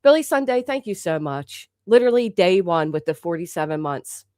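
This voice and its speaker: A woman's voice: fairly low pitch, animated, brisk, darkish tone, dry recording, studio quality. A woman hosting a casual livestream who rambles with many restarts, swears freely, thanks members in the chat and has a sore throat. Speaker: livestream host.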